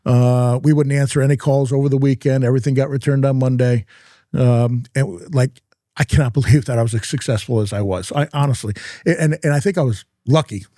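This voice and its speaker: A middle-aged man talks as an interview guest, his voice mellow and low in brightness. He tells stories in a halting way and often stumbles back over his words. The sound is close and dry, with no room around it. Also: fairly even intonation, no room sound. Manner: halting, repeats and restarts words. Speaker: guest, real estate investor. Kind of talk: conversational storytelling.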